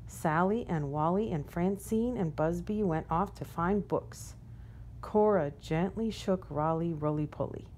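A woman reading a children's picture book aloud in a gentle, unhurried storytelling manner. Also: fairly low pitch, a little hiss or hum. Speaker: storybook reader.

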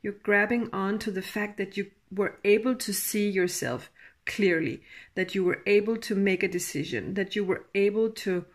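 A woman giving a tarot reading in a halting, emotional way, with sighs and soft laughs. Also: medium pitch. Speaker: tarot reader.

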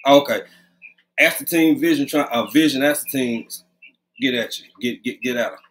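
A man's voice: mid-range voice, normal speed, a bit bright. A man hosting a casual live stream, greeting viewers by name in a loose, conversational way, talking close to his webcam at home. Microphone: webcam, leaning close.

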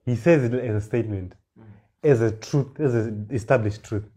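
With a mellow, medium-pitched voice, a man reads scripture slowly in a sermon and then unpacks it, building emphasis and repeating words.

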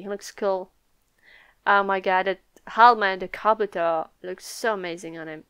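A young woman hosting a live comic reaction video, excitable and laughing often, swearing freely. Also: mid-range voice, moderate pace, clean tone, dry recording. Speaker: manga reaction video host.

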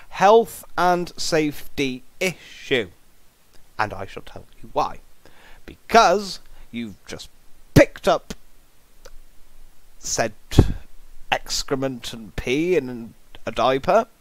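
Animated, disgusted man reacting. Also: mid-range voice, dry recording. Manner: exasperated, theatrical, jokingly disgusted. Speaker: reaction video commentator. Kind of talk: comic reaction commentary.

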